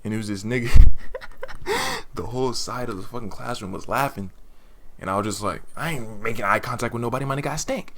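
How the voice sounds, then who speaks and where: A man's voice: mid-range voice, wildly swooping pitch, a little fast, fairly bright tone, slight background noise. A man telling a personal story in casual, profane slang, often breaking into laughter. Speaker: storytime vlogger.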